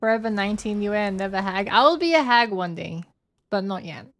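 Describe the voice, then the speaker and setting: A woman's voice: medium pitch, fairly quick. A woman in her twenties chatting casually and playfully with her viewers while she plays a game and reads chat. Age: 20s. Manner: playful, giggly, thinks aloud. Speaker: streamer.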